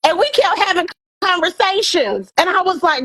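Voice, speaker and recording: A woman co-hosting a casual talk show, telling stories and giving heartfelt advice in an expressive, animated way. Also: very high-pitched, normal speed. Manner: expressive, animated storytelling with quoted dialogue. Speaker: co-host.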